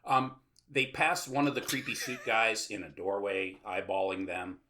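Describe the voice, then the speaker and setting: A man's voice: lowish voice, level tone, moderate pace, bright, forceful tone, a little hiss or hum. A man hosting a podcast, recapping a film plot in casual, sarcastic chat full of filler sounds. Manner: rambling, with many filler sounds and sarcastic asides. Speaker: podcast host.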